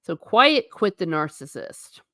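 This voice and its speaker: A woman's voice: lowish voice, sing-song, a little slow, a bit bright, no echo, clean studio sound. A woman hosting a casual livestream, chatty and emphatic, reading viewer comments aloud and answering them. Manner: chatty and emphatic, repeating for effect. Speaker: livestream host.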